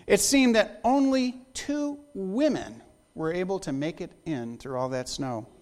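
A man preaching a sermon, praying and telling stories in a joking, animated way. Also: high voice, unhurried. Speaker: pastor.

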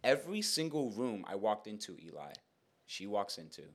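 A young man hosting a podcast, telling a story in casual chat, animated and rambling with lots of fillers and repeats. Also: fairly low pitch, moderate pace. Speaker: podcast host.

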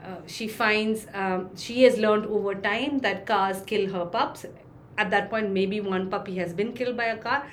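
A woman dog trainer talks through her points in an interview, pausing on filler words and slipping into little voiced examples. Her pitch sits in the middle. A faint low rumble runs behind her. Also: steady tone. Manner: explains with acted-out examples, many fillers. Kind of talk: interview answer, explaining.

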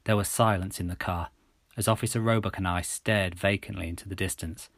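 Brief: low male storyteller, measured first-person narration, dry close mic. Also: steady tone, fairly bright tone, no room sound.

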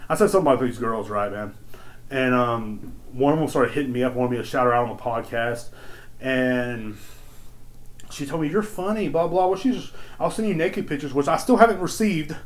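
A man hosting his own podcast, ranting in a crude, profane, rambling way that swings between loud excited outbursts and low mutters. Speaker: podcast host. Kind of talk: casual solo podcast rant.

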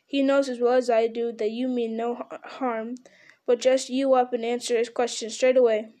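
Lady doing a soft serious hobbit guy, young, mellow voice. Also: fairly high pitch, level tone, normal speed, lightly acted. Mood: reassuring. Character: earnest young male hobbit, gentle master.

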